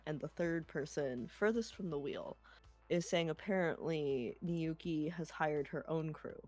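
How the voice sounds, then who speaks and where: A woman narrating a tabletop role-playing game as game master, explaining scenes and rules in a relaxed way. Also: low-pitched, moderate pace, soft background music.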